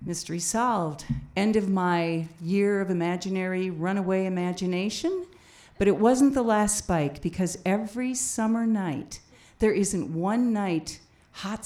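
Mellow-voiced woman telling a story. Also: mid-range voice, measured pace. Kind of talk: live personal storytelling.

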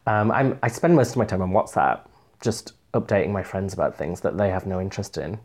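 A man's voice: low voice, a little fast, darkish tone. A hungover man co-hosting a podcast in casual, self-mocking chat. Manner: chatty, self-mocking storyteller. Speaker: podcast co-host, journalist.

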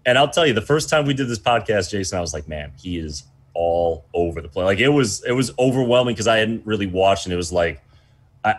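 Guest spot: american man, low deep voice, sincere, a bit worn out from short sleep. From United States. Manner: earnest, heartfelt, restarts phrases. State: tired from little sleep. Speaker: volleyball coach, guest. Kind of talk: casual interview talk.

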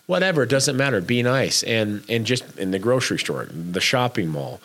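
A man's voice: fairly low pitch, big pitch swings, moderate pace, fairly bright tone. A man co-hosting a casual chat, urging listeners to be kind, talking emphatically and bluntly with frequent restarts.

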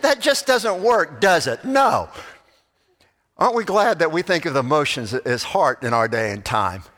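A man preaching a sermon as pastor, moving between loud animated passages and soft, hushed ones. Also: fairly high pitch, long reverb tail.

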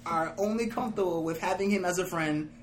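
A man's voice: high voice, brisk, crowd noise, rough recording. A man co-hosting a podcast, joking bluntly and cursing in casual chat. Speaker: podcast co-host.

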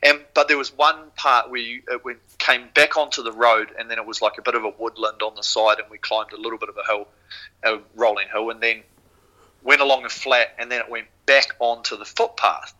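A man with a New Zealand accent tells a story as a podcast guest in a loose, casual way. He swears freely and brings the scene back to life as he goes. His voice sounds very bright and forceful, and his pitch sits in an ordinary middle range. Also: fairly quick, low-quality recording. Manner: swears freely, animated retelling. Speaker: podcast guest, former rower.

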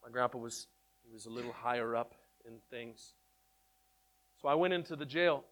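A man telling his testimony in an animated storytelling way, excitable and repeating words in quick bursts. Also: medium pitch. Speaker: speaker sharing his testimony.

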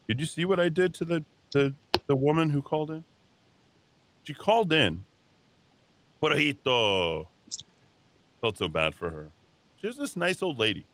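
A man's voice: medium pitch, sharp tone, a little hiss or hum. A man hosting a talk radio show, delivering a heated, combative monologue in a radio studio. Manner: combative, heated, mocks callers with put-on voices.

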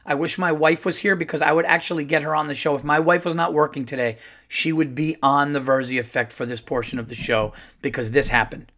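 A middle-aged man, a stand-up comedian hosting his own podcast, tells a loose, animated story full of fillers. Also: a little high, brisk. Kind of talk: casual solo podcast storytelling.

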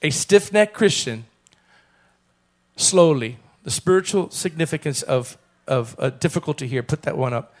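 A man preaching a sermon as pastor, calling on the congregation to repeat phrases and building to loud, fervent passages. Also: a little high, animated, normal speed. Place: church.

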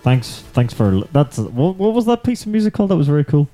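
A man's voice: a little high, sing-song, quick pace, warm tone, soft background music. A man hosting a podcast in casual chat at home, rambling and laughing a lot. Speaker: podcast host. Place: indoor room, apartment.

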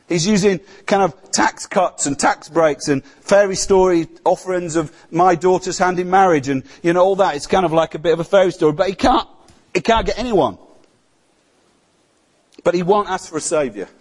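A man preaching a sermon, his voice sitting a little higher than most men's. He talks to the congregation as if chatting, often tagging on questions like "isn't it?" to draw them in. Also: normal speed. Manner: conversational, rhetorical questions to the congregation.

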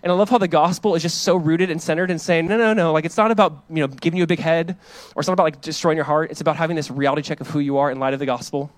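Fast-talking high-voiced male pastor preaching. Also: dry recording. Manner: casual and conversational, full of "like", animated when quoting. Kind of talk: sermon.

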